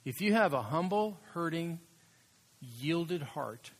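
A pastor in the middle of a sermon, talking to his congregation in a relaxed, conversational way. His voice has a husky edge, and he slows down and presses on the words he wants to stress. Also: fairly high pitch. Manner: conversational, emphatic preaching with slow stressed words.

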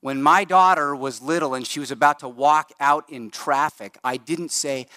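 A middle-aged male pastor with a voice on the high side preaches in a church sanctuary, conversational and animated, speeding up and slowing down for emphasis. The sound is studio quality with no echo.

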